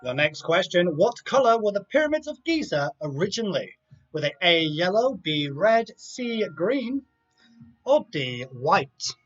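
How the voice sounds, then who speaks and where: A man with a high voice hosts a live online quiz, reading each multiple-choice option aloud and dropping chatty asides between questions. The sound is dull and lo-fi, with faint music playing underneath. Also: sing-song, unhurried, a bit bright. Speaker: quiz host.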